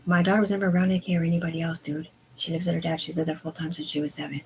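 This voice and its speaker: A woman ranting on a live stream, agitated and profane, rambling in disjointed bursts that sink to quiet mumbling. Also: sits low, little pitch movement, racing, a little hiss or hum, rough recording. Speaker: livestreamer. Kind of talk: unscripted live stream rant.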